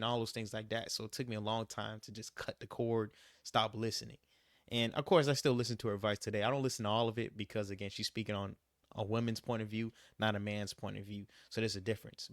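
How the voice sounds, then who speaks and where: Speaking to his viewers about travel, a young vlogger hammers home motivational points in a casual, repetitive way, leaning on "you gotta." His lowish voice has a fairly bright tone, captured with studio quality and no room sound.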